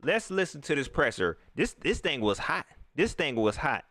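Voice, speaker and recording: A man hosting a live reaction stream, ranting in an animated way and talking straight to his viewers. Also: a little high, normal speed, dry recording.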